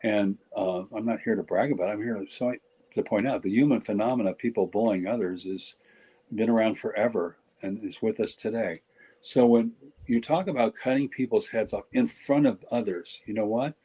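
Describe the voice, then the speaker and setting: A middle-aged man with a low, slightly husky voice talks on a podcast. He is blunt and joking, and he often stops and restarts his sentences. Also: brisk, dark tone, poor audio. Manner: blunt, joking, self-interrupting. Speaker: podcast guest speaker. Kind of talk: casual podcast discussion.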